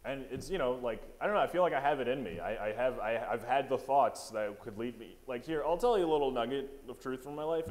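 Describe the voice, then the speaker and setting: A young man doing a stand-up set at an open mic, rambling and self-deprecating, with lots of filler asides. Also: mid-range voice. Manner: rambling, self-deprecating, lots of "you know what I mean". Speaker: stand-up comedian. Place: small open mic venue.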